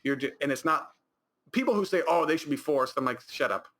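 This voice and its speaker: A man's voice: a little high, animated, a little fast, a crowd in the background. A man with an American accent co-hosting a casual podcast, rambling with many fillers and restarts. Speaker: podcast co-host. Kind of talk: casual chat.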